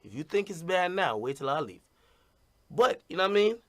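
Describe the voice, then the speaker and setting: A man's voice: sits high, big pitch swings, a little fast. Blunt rambling man streaming to fans. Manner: blunt, rambling, repeats "you know what I mean". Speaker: streamer talking to his audience. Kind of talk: casual stream monologue.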